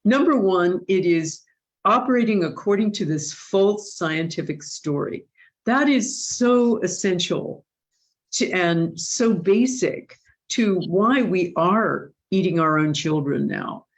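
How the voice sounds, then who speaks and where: A woman's voice: fairly low pitch, lively intonation, slow. A woman hosting an online question-and-answer session, speaking in an earnest, thoughtful way with frequent restarts. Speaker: host. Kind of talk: live online Q&A discussion.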